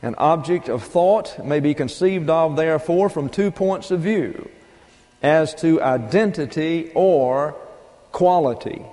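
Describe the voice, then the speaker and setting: A man's voice: on the high side, takes it slowly, dark tone, big-room sound. A man preaching a methodical teaching sermon from a pulpit, working through numbered points and spelling out terms. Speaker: pastor. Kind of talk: expository Bible teaching sermon. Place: church pulpit.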